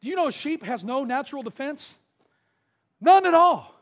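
Male preacher, very high voice, shouts and whoops between quieter teaching, muffled lo-fi recording. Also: lively intonation, moderate pace. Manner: shouting bursts and whoops, then drops to low teaching tone. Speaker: pastor. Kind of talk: sermon. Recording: dull lo-fi sound.

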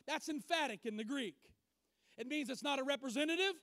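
A male preacher with a strikingly high voice delivers a sermon. He is emphatic, rising to loud declarations and falling to quiet asides. The sound is dry and close, with no room echo. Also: a little fast.

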